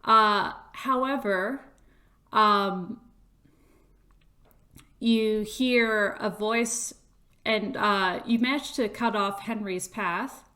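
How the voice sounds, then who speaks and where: Bright-voiced woman game master. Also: mid-range voice. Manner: halting, frequent fillers, playful. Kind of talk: narrating a tabletop game.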